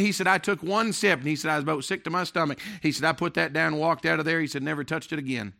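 Bright-voiced preaching man, emphatic. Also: a little high, fast, gravelly, few pauses. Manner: emphatic preaching with swings from loud to hushed. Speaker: pastor. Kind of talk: sermon.

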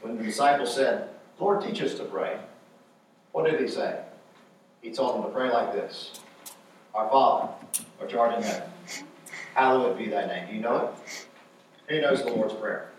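A man's voice: medium pitch, moderate pace, long pauses, heavy reverb, distant mic, slight background noise, poor audio. A man preaching a sermon with emphasis, repeating his key phrases.

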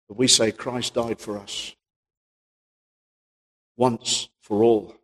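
Husky-voiced male preacher in a reverberant hall. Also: medium pitch, level tone, takes it slowly, fairly bright tone. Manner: rhetorical questions, rises and drops in volume. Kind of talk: sermon.

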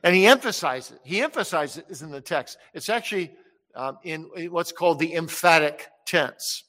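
A male preacher delivers a fervent sermon in a somewhat high, bright and forceful voice. He swells to loud, slow declarations and sinks to hushed pleading. The sound carries a long reverb from a large hall. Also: lively intonation. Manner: impassioned, swells loud on quoted words of Jesus and drops soft on pleading.

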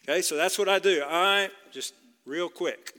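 A man's voice: high voice, moderate pace, bright, forceful tone, in a large hall. A male pastor preaching a sermon in an earnest way, with many restarts and repeated words.

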